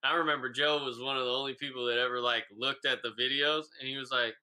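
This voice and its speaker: A man's voice: medium pitch, fairly even intonation, fast, few pauses, sharp tone, smooth, rough recording. A man hosting a podcast interview, asking questions and telling stories in a casual, slangy way. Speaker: podcast host.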